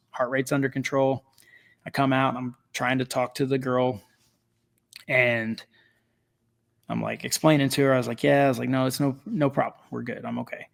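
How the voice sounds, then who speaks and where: A middle-aged man, a podcast guest, telling a story in a casual, animated way, laughing often and filling with "like" and "you know". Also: medium pitch, gravelly.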